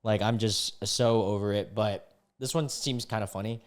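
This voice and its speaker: A man's voice: fairly low pitch, fairly even intonation, moderate pace. A man in his twenties reading online posts aloud and reacting with exasperated, disgusted outbursts. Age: 20s. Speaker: online commentator.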